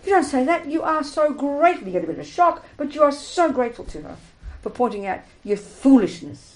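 Woman teacher, slightly high voice, emphatic and animated, dharma talk to a group. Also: a little fast, poor audio. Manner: emphatic, animated, acts out little scenes. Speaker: Buddhist teacher.

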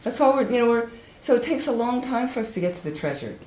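Woman telling a dharma story in a roomy hall. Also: quick pace. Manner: animated storytelling with high acted quotes. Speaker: Buddhist teacher. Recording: echoey room with faint ambience.

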